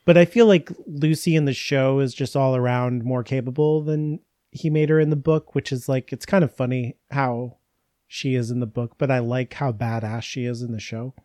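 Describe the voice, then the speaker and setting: Mellow-voiced joking man in casual chat. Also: mid-range voice, steady tone, moderate pace, dry recording, studio quality. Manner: joking, laughs often, rambling asides. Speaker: podcast co-host. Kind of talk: casual book-club chat.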